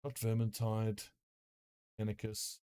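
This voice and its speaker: A man's voice: fairly low pitch, completely flat delivery, slow, dark tone, clear, resonant tone. A man with a South African accent, rambling and swearing casually as he streams a game. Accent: South African English. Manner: rambling, profane, self-mocking. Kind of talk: casual gameplay commentary.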